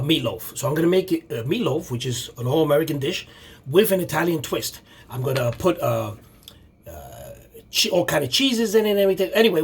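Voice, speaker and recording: Husky guy hosting a home cooking vid, kinda high voice, rambles and restarts a lot. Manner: rambling, halting, full of restarts. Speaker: cooking show host. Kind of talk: casual home cooking video.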